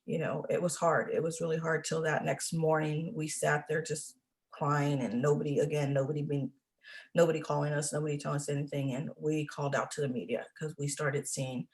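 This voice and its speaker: A middle-aged woman giving a halting, emotional personal account as an interview guest, with many restarts. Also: deep voice, level tone, darkish tone. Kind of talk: personal testimony.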